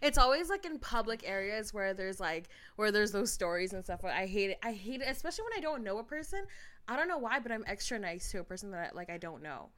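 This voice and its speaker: A woman's voice: mid-range voice, big pitch swings, fast, fairly bright tone. A young woman from Toronto co-hosting a casual podcast, swearing freely and laughing as she tells stories. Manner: swearing, storytelling, breaks into laughter. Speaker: podcast co-host.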